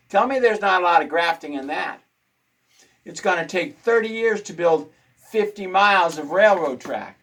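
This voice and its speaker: A man's voice: high-pitched, lively intonation, moderate pace, a bit bright, poor audio. A man hosting a casual talk show, ranting indignantly and repeating his points for emphasis. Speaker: host.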